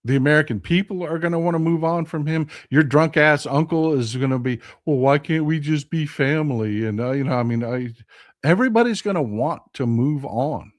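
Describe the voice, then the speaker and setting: Talking a little fast in a voice on the high side, a Texas-accented host airs political commentary on his vlog. He's impassioned and blunt, swears freely and repeats phrases for emphasis.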